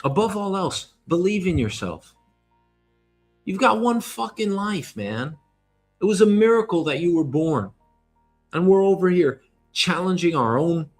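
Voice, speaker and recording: A man hosting a show, giving an energetic motivational monologue, emphatic and casually swearing. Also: on the high side, husky. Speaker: show host.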